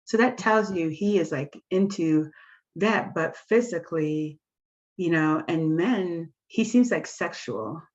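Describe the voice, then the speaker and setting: A woman's voice: fairly low pitch, animated, takes it slowly. Blunt joking woman on a muffled mic. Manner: blunt and joking, plays out what she would do. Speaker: recap show co-host. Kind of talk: casual chat recapping a reality show.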